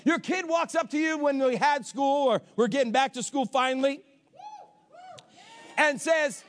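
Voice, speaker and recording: High-voiced, emphatic male pastor preaching. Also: normal speed. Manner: emphatic, with sudden shouted lines and playful asides. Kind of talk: sermon.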